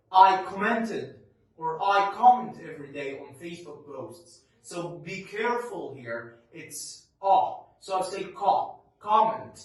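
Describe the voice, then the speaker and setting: A man's voice: fairly high pitch, heavy reverb, distant mic, rough recording. Egyptian man teaching English sounds. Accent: Egyptian Arabic. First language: Arabic. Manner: drawn-out, emphatic model words, asks and answers himself. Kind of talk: pronunciation lesson.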